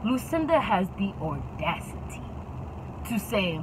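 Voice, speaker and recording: A woman's voice: on the high side, moderate pace, background noise. A young woman tells a casual, dramatic storytime and keeps adding "okay?" to drive her points home. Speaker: YouTube storyteller.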